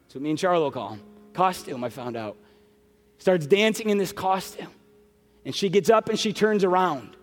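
High-voiced pastor preaching in a reverberant hall. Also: male voice. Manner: storytelling, emotional, breaks into quick asides. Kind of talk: sermon. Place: large church sanctuary. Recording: long hall reverb, soft music behind.

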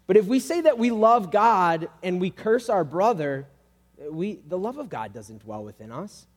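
A man with a somewhat high voice preaches in a relaxed, chatty way, peppering his points with "like" and little acted-out quotes. His voice rings out with a long reverb through the hall. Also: unhurried. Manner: casual and conversational, acting out quoted voices. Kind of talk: sermon.

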